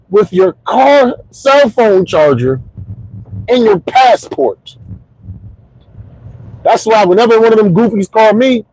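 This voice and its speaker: A comedian in his forties riffs through a stand-up style monologue from his car, his voice sitting high for a man. He delivers jokes in an animated way, punching punchlines with sudden shouts. The sound is dry and close. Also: no echo, rough recording. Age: 40s. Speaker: comedian and podcast host. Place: in his car while commuting home.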